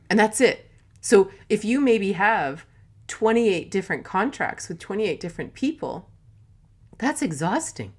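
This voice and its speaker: A middle-aged woman hosting a casual live talk, chatty and quick to laugh, with lots of "like" and "right?". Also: mid-range voice. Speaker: host.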